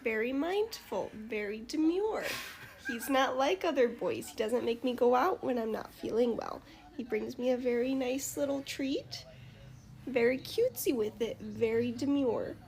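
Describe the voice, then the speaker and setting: A woman's voice: on the high side, expressive, unhurried, a little mellow, rough recording. A woman praising her boyfriend in a sweet, teasing way. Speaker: girlfriend in a social media clip.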